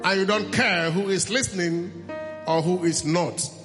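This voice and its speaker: A man's voice: high voice, fairly even intonation, measured pace. A man preaching a sermon with an impassioned, pleading delivery. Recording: long hall reverb with faint music.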